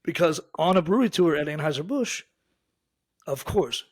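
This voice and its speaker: A man with a somewhat high voice hosts a podcast and spins teasing stories about his guests. The recording is dry and close to the mic. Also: expressive, moderate pace, a little mellow, husky, no echo. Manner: teasing storyteller. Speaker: podcast host. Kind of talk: casual chat.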